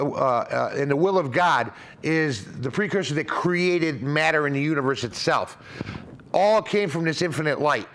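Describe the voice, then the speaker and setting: Earnest and prone to wandering, this male host keeps restarting as he explains religious ideas. His voice is somewhat high with a slightly bright quality.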